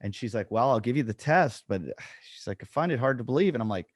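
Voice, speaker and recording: A man's voice: medium pitch, expressive, fairly quick, no room sound, studio quality. A man co-hosting a podcast, telling a funny story in casual chat and acting out the quotes. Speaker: podcast co-host, comedian.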